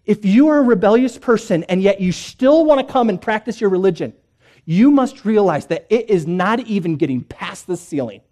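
A man preaching a sermon in church, swinging between hushed, quiet lines and emphatic ones. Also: high voice, lively intonation, moderate pace. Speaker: pastor.

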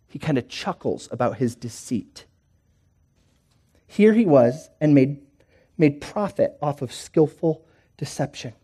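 A man preaching a sermon in church, swinging between hushed, quiet lines and emphatic ones. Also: a little high. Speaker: pastor.

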